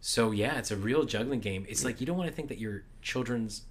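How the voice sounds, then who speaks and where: A man in his thirties, co-hosting a casual podcast, telling stories with animated energy and frequent laughs. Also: medium pitch, brisk. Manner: storytelling, animated, laughs often. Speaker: podcast co-host. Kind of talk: casual chat.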